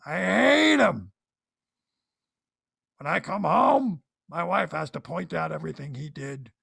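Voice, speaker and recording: A man's voice: on the high side, lively intonation, unhurried, creaky, a bit bright, slightly rough, no echo, studio quality, exaggerated voice. A man voicing a grumpy suburban guy ranting about his handy neighbor, exasperated. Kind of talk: stand-up style comic rant.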